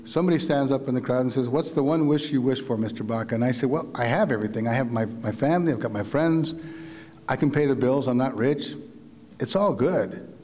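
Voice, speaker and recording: A middle-aged man telling a story to an audience, animated and laughing, acting out other people's voices. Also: medium pitch, a little fast. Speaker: visiting writer giving a talk. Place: large hall. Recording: long hall reverb.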